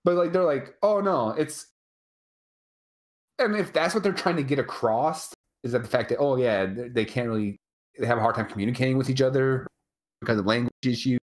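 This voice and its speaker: A podcast co-host in casual live chat, rambling and animated, swearing freely over a remote call mic. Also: medium pitch, quick pace.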